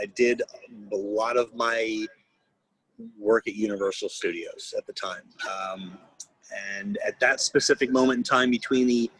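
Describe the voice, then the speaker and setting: A man's voice: fairly low pitch, a bit bright, breathy edge, low-quality recording. A man in his fifties, a guest voice actor, telling rambling stories on a video call, restarting often and laughing. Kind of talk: casual anecdotal interview.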